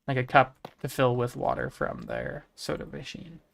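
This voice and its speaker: A man's voice: medium pitch, huge pitch swings, normal speed, gravelly. A man from the United States, talking casually on a game livestream and musing as he answers chat messages. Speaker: game streamer.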